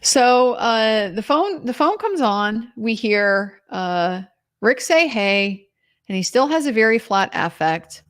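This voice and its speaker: A woman legal commentator recounting courtroom testimony in an animated retelling, quoting others in her own voice. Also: on the high side, slow.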